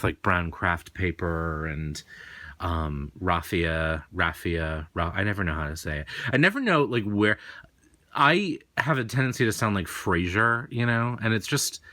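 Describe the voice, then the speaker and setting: In a dry recording, a tarot reader hosting an unboxing talks in a low, pushed, bright voice. He rambles casually and chattily, often at his own expense, with a hint of New England in his accent.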